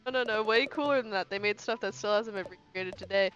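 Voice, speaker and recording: A woman's voice: mid-range voice, a little fast, few pauses, a bit bright, dull audio, soft background music. A young woman casually streaming a first playthrough of a game, reading the characters' lines aloud with playful voices and joking asides.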